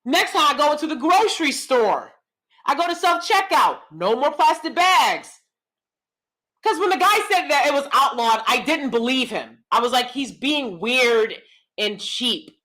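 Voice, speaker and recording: Woman, high and lively, casual rant, crisp tone; acts out the dialogue, exasperated restarts. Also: normal speed. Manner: animated storytelling, acting out both sides of a dialogue; exasperated, repeats words and restarts. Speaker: speaker telling a personal story. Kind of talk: casual ranting monologue.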